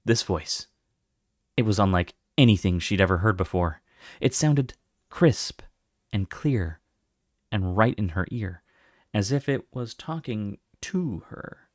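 A man narrating a fantasy novel aloud with expressive storytelling. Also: fairly low pitch, unhurried, no room sound, studio quality. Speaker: audiobook reader.

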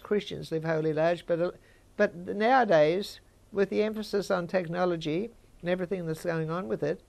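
A woman's voice: lowish voice, creaky, a little mellow. An older woman, giving informal Bible teaching and chatting with her listeners. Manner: conversational, chats with listeners.

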